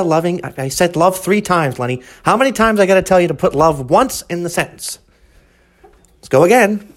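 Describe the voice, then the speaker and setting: A man voicing a flustered animal-shelter ad announcer who keeps redoing his takes. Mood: irritated. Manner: cheery ad pitch breaking into irritated rants.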